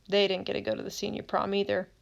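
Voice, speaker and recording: A woman's voice: mid-range voice, monotone, fast talker, gravelly, lo-fi sound. A woman reading as a grieving teenage boy. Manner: plainspoken, slangy grammar. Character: grieving teenage boy writing to a dead friend. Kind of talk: audiobook reading.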